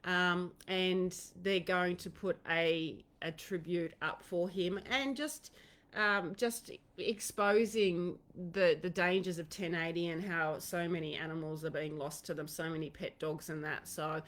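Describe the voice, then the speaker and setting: A woman's voice: on the low side, fairly even intonation, a little slow, fairly bright tone. An Australian woman chats casually while hosting a live online Q&A session. Her talk rambles, with frequent fillers and restarted sentences. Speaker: host of a horse-training Q&A livestream. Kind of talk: casual livestream chat.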